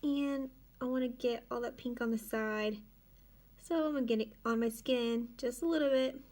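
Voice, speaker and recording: A woman with a fairly high, darkish voice speaks at a moderate pace with fairly even intonation. She hosts a casual nail tutorial from her dining room, chatting unhurriedly and narrating each step as she works in this relaxed how-to demonstration.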